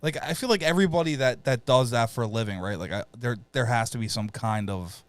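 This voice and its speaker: A man's voice: mid-range voice, a little fast, dry recording. A man hosting a podcast, asking questions with a crude, joking manner and lots of "right, right.". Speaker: podcast host. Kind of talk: casual podcast conversation.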